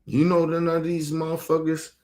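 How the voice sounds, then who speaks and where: A man with a somewhat high voice pours out an angry, profane rant about his family. He talks emphatically and hammers his points home, sounding like a streamer venting to his viewers. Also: monotone, normal speed, darkish tone. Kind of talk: heated personal rant.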